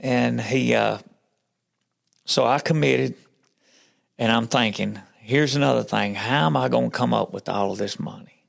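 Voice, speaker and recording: A man with a deeply gravelly, crackling voice at an ordinary pitch, chatting as a podcast guest. He tells his faith story in a folksy way and acts out what other people said to him. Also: a little slow, pauses often. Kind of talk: telling his faith story in casual chat.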